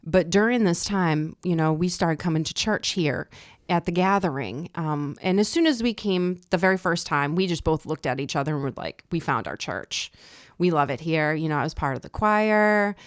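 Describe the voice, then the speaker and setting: A middle-aged woman with a Boston accent, telling stories on a podcast and acting out quotes with sudden jumps in pitch and loudness. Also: normal speed, no room sound, clean studio sound. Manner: animated, acts out quotes with jumps in pitch and volume. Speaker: podcast host. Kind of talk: casual storytelling chat.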